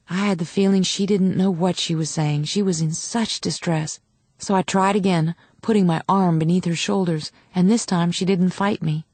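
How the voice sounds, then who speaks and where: A woman narrating an audiobook in the first person, intimate and measured. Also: fairly low pitch, creaky, a little mellow, husky, dry recording.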